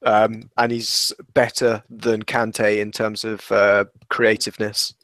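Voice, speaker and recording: A man's voice: on the low side, monotone, takes it slowly, a bit bright, no echo. A man chatting casually as a podcast guest in a laid-back way.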